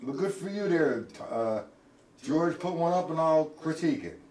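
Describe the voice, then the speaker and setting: Drum teacher counting strokes in a roomy space. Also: male voice, on the high side, expressive, normal speed, a little mellow. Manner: counts strokes aloud while playing, addresses viewers by name. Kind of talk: live-streamed drum lesson. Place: indoor room, live stream. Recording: roomy, distant mic with clear noise.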